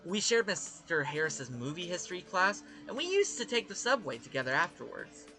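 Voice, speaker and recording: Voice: mid-range voice, big pitch swings, fairly quick, pushed and bright, soft background music. A gamer reading game dialogue aloud, voicing a blunt, morbid young female psychology student in a cool, matter-of-fact way.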